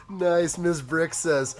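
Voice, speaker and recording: A hoarse man in his thirties hosts a live stream while building a toy set, chatting casually, joking, and reading viewer comments aloud. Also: sits high.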